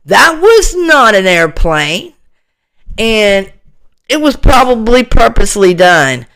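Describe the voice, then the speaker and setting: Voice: medium pitch, very animated, slow pace, fairly bright tone, clear, resonant tone. An online commentator giving a solo opinion monologue, indignant and ranting, piling on rhetorical questions and repeating phrases for emphasis.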